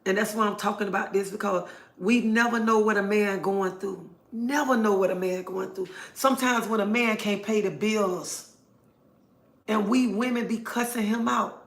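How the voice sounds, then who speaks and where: A woman's voice: medium pitch, fairly even intonation, moderate pace. A middle-aged woman hosting a livestream, talking earnestly and preachily and repeating her points for emphasis. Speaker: livestream host. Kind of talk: casual livestream monologue. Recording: roomy echo.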